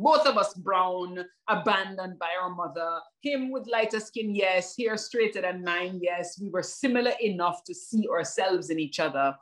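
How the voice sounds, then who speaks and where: A woman's voice: lowish voice, a bit bright. Jamaican woman performing spoken word poetry. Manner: rhythmic, emphatic delivery with dramatic pauses; chatty asides to an unseen audience. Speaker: poet and performer. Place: remote performance for an online audience.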